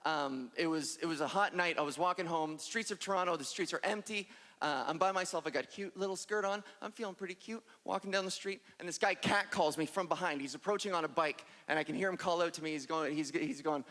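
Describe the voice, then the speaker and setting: Here a trans woman stand-up comic rattles through her set at a fast clip, her lowish voice carrying a fairly bright tone. The jokes are punchy and aimed at herself, told to a live audience in an echoey hall with crowd noise and ambience.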